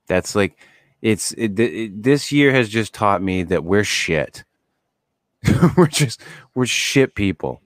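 A man with a low, deep voice talks loosely on a podcast, swearing and wandering off into tangents with a laugh. The sound is dry and close to the microphone. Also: lively intonation, takes it slowly, dry recording. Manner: profane, rambling, laughing often. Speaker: podcast co-host. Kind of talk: casual chat.

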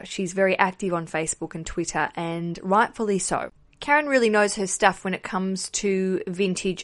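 A young woman, hosting a podcast in a chatty, upbeat way and giving listeners advice. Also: mid-range voice. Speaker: podcast host.

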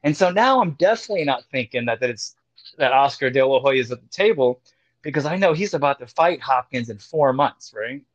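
A man's voice: medium pitch, a little fast, dry recording. A man casually telling a story, swearing freely and acting out what people said. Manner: profane, animated storyteller acting out quotes. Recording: dull, dry lo-fi sound.

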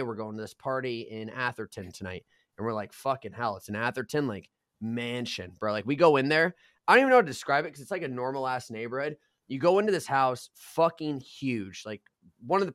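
A man in his twenties telling a wild party story on a casual podcast, profane and animated, getting loud at the punchlines. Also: mid-range voice, dry recording, clean studio sound.

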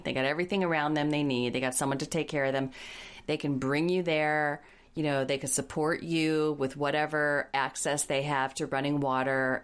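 A woman co-hosting a casual podcast, giving blunt, wry commentary and doing mocking impressions. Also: deep voice. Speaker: podcast co-host. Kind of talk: casual recap chat.

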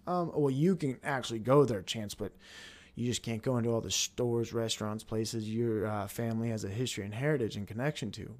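A man's voice: mid-range voice, fairly quick, a little mellow. A man sits at his computer at home and rants through a solo podcast episode. He rambles from point to point, swears freely and works himself up as he talks. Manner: agitated, profane, rambling. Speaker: podcast host. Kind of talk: casual solo podcast rant. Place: home, seated at a computer on a dining chair.

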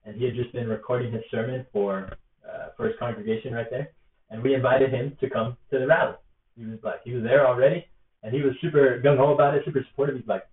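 A man's voice: mid-range voice, fast. A young man telling a story in a casual, earnest, rambling way, with lots of fillers, recorded on a laptop. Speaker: rally organizer. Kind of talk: casual spoken reflection to camera. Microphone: laptop or tablet built-in mic. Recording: echoey, distant, phone-like tinny sound.

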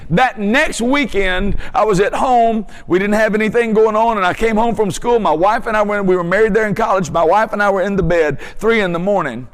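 A man's voice: high voice, a little fast, hardly any pauses, long reverb tail. A man preaching a testimony sermon with fervent, emphatic storytelling.

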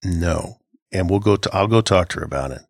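A man's voice: low-pitched, fairly quick, gravelly, no room sound, studio quality. A middle-aged man co-hosting a casual Christian podcast, talking in an earnest, reflective way with frequent halts and restarts. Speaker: podcast co-host.

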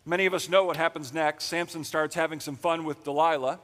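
A man's voice: a little high, steady tone, fairly quick, a bit bright, big-room sound. A young man preaching a sermon in a casual, joking way, filling his speech with "like". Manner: casual, jokey, heavy use of "like". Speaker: pastor. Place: church sanctuary.

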